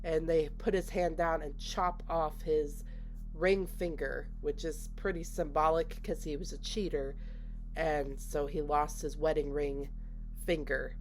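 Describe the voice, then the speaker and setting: Chatty woman recapping a movie, lowish voice. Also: fairly even intonation, measured pace, a little mellow, a little hiss or hum. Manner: chatty, retells scenes with lots of "like" and quoted dialogue. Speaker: movie reviewer. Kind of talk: casual spoken movie recap.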